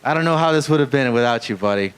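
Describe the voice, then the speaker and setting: A man's voice: mid-range voice, lively intonation, quick pace, clear, resonant tone, rough recording. A man doing a live stand-up set in a small club, rambling and self-deprecating, swearing often and chatting with the crowd. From Mexican-American family. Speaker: stand-up comedian. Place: small comedy club stage.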